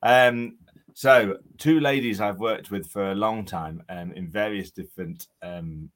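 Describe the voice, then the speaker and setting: A man's voice: fairly low pitch, measured pace, fairly bright tone. A man, an estate agent co-hosting a casual podcast chat, telling jovial self-deprecating stories with plenty of ums.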